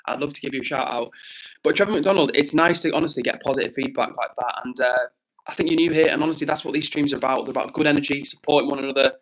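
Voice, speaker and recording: An upbeat young man, talking casually on his live stream. His voice sits a little higher than most men's, and he reads out chat messages in a chatty, slang-filled way. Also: quick pace, a bit bright. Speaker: livestreamer.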